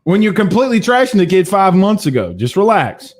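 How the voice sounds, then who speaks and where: A man's voice: sits high, brisk. A man hosting a live sports talk show, reading viewer comments and making his points with emphatic repetition. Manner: animated, emphatic, repeats phrases, addresses viewers directly.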